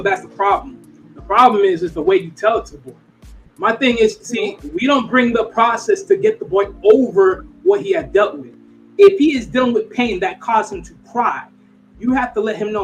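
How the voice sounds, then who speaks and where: A man's voice: sits high, poor audio. A man on a discussion panel, explaining his point earnestly and step by step. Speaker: guest panelist. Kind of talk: casual discussion.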